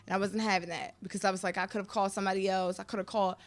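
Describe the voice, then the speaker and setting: A woman's voice: medium pitch, little pitch movement, very fast. A woman guest telling her personal story frankly and animatedly, often laughing between lines.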